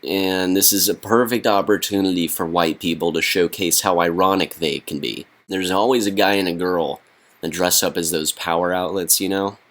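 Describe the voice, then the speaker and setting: Young male vlogger, low voice, dry deadpan delivery with hesitations. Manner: deadpan, halting with fillers. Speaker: comedy vlogger. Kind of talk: deadpan comedy monologue.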